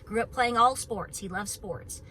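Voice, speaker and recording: A woman's voice: on the high side, unhurried, sharp tone, a little hiss or hum, poor audio. A middle-aged woman from Knoxville with an East Tennessee Southern accent, chatting casually and outspokenly to camera as host of her homestead channel. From Knoxville, Tennessee, USA. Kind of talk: casual vlog chat to camera. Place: on her farm, about to go for a run.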